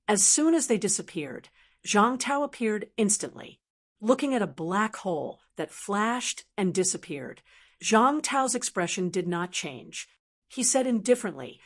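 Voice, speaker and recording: A woman narrating a martial arts audiobook in an even, measured reading style. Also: medium pitch. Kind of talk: scripted narration.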